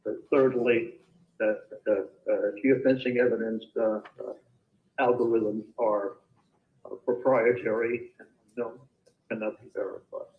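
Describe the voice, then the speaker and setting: A man giving expert testimony over a video call, hesitant and halting, filling gaps with many pauses. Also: fairly low pitch, level tone. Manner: hesitant, halting, full of fillers. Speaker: expert witness. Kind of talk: remote court testimony. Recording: tinny echoey video call.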